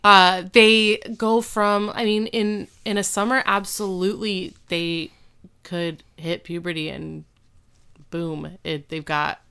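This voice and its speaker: Bright-voiced woman in casual chat. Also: fairly low pitch, level tone, creaky, smooth. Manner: chatty, quick to tease. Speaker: podcast co-host.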